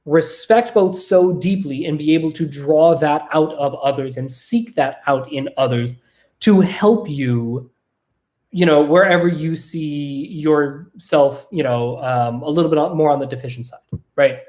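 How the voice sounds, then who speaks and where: A podcast host at a home desk, talking casually on camera in an animated way. The host swears freely and keeps asking "right?". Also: mid-range voice, measured pace.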